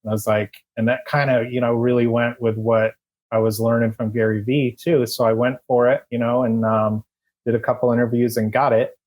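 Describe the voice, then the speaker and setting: A man guesting on a podcast, telling his story in a rambling, relaxed and chatty way. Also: medium pitch, brisk. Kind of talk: casual storytelling interview.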